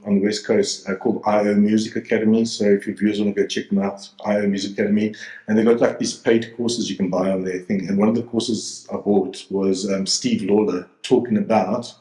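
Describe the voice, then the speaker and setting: A man in his forties with a very low voice, chatting loosely as a guest and circling back on himself with fillers and restarts. He is from South Africa and speaks over a video call. The sound is roomy, with a clear echo around the voice. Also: warm tone. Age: 40s. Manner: rambling, many fillers and restarts. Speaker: DJ and producer guest. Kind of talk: casual interview chat.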